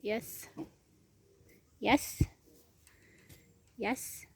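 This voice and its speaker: A woman's voice: fairly even intonation, very slow, vocal fry, breathy edge. A woman giving a casual walking tour of her homestead outdoors, chatting and cooing to her animals. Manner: chatty, coos to animals in a higher voice. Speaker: homestead vlogger. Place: outdoors on a farm.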